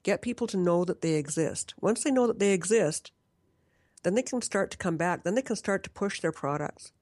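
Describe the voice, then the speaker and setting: Woman talking marketing, kinda low voice, earnest, dry close sound. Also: expressive, normal speed, a little mellow, no echo. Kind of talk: casual podcast conversation.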